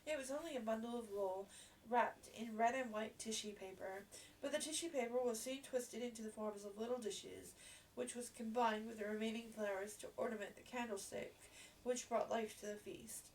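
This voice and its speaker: A woman reading a classic novel aloud in a gentle, measured way, with the odd small restart. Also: fairly high pitch, distant mic, a little hiss or hum. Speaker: storybook reader.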